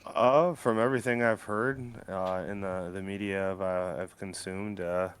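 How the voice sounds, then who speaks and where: A man's voice: low-pitched, steady tone, normal speed, clean tone. A man as a podcast guest, speaking hesitantly with many fillers. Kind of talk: casual podcast chat.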